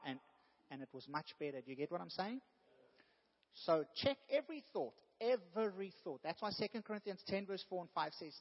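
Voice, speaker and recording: A man's voice: high voice, expressive, a little fast. A man preaching a sermon in an earnest way, rising now and then to emphatic bursts. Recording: dull sound with long hall reverb.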